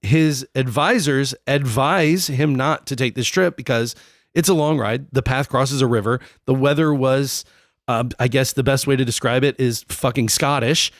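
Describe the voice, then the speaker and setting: A young man co-hosts a comedic history podcast, telling the story in a profane, jokey way and putting on silly voices. His voice is mid-range at a moderate pace, recorded with clean studio sound and no echo.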